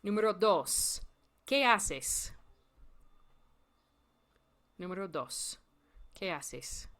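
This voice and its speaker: A woman teaching a recorded Spanish lesson, encouraging learners and repeating phrases slowly. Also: medium pitch, animated, a bit bright.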